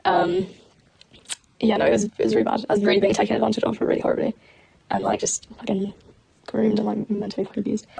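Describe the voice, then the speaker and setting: A young woman on a livestream, telling a personal story in rapid, agitated casual chat, acting out quotes with nervous laughs. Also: mid-range voice, very animated, vocal fry, background noise. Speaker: streamer.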